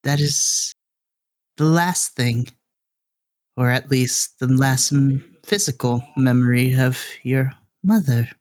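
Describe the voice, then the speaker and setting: An elderly household servant woman, played by a man running the game. She speaks slowly and tenderly, full of affection for the child she raised. Her voice sits at an ordinary middle pitch. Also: a little mellow, close to an everyday voice. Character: elderly woman, gentle longtime family servant.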